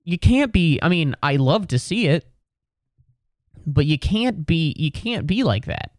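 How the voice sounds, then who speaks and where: A young man hosts a casual podcast with a slightly high voice. He rambles and swears through exasperated rants. The sound is close and dry. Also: lively intonation, measured pace, darkish tone, no room sound. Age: young adult. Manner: rambling, profane, exasperated ranting; swings up into mocking high voices when mimicking others. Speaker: podcast host. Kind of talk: casual sports talk.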